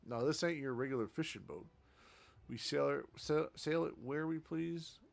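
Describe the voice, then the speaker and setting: A man's voice: on the high side, normal speed, vocal fry, pitched above the performer's own voice. A man reading out a boisterous, adventurous ship captain's lines in a hearty, declaiming voice. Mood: rousing.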